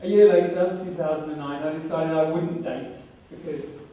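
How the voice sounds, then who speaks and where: Performing a live storytelling set in an event room, a wry, self-deprecating British man in his thirties speaks at normal speed with fairly even intonation. His voice is fairly high and mellow, heard from a distance through heavy echo.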